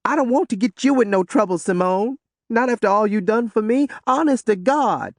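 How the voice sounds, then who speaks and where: A fiery young woman pleads and pushes in a raised, lively voice, as a male narrator puts her on. Her lines ride well above his own pitch and swing widely. The recording is dry and close. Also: moderate pace, dry recording. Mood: pleading. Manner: high, emphatic dialect speech. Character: brash young woman, hot-headed and pleading.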